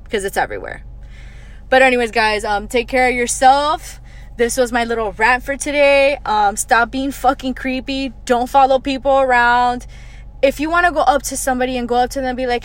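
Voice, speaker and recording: On her own podcast, a young woman rants her way through a story, exasperated, blunt and swearing freely. She rushes along and then slips into low muttered asides.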